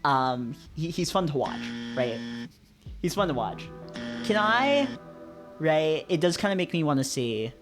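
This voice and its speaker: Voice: mid-range voice, very animated, unhurried, over music. A visual novel reader reading aloud and commenting casually, rambling and hesitant with frequent fillers and restarts.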